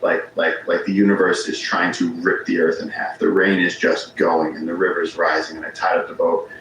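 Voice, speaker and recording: A man's voice: sits low, little pitch movement, moderate pace, fairly bright tone. A man, a podcast guest, telling rambling stories in casual conversation, often restarting his sentences. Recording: very echoey room with faint ambience noise.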